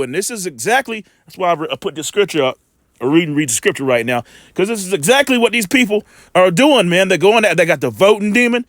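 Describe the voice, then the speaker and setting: A man giving informal scripture commentary, emphatic and colloquial, slowing right down when he reads verses aloud. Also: high-pitched, animated, a bit bright, no room sound, studio quality. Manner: emphatic, colloquial, drawn-out slow scripture reading. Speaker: preacher commenting on video clips.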